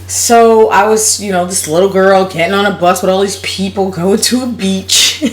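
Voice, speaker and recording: A woman's voice: medium pitch, normal speed, reverberant. A woman vlogger telling a personal story in a casual, blunt and profane way, laughing as she goes.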